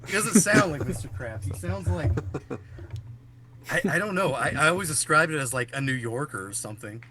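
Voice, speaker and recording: A man's voice: a little high, brisk, a little hiss or hum. A young man co-hosting a podcast, telling stories in casual chat, laughing often and swearing. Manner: animated storyteller who laughs often and swears. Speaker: podcast co-host.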